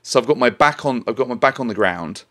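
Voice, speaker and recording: A man's voice: mid-range voice, quick pace, no echo, clean studio sound. A young man co-hosting a language-lesson podcast, telling stories animatedly and often laughing. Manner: animated storyteller, laughs often, acts out voices. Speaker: podcast co-host. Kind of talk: casual language-lesson chat.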